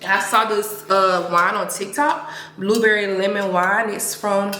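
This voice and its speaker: A young woman talks to her phone camera while out on errands, chatty and heartfelt. Her voice sits at an everyday middle pitch. Faint road and car noise hums behind her. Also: steady tone, a little slow, bright, forceful tone. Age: 20s. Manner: chatty and heartfelt, drifts into sung lines and praise. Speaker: vlogger. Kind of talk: casual vlog chat to camera. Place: out and about running errands, in a car and stores.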